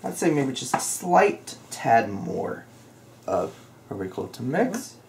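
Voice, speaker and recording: In his home kitchen, a man chats and jokes as he cooks, explaining each recipe step. His medium-pitched voice swings widely and is slow with vocal fry. The echoey room carries cooking sounds and background noise.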